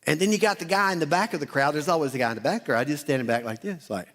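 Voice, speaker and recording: A male pastor preaching a sermon, telling the story with lively asides and acting out the townspeople's voices. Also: a little high, quick pace. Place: church auditorium.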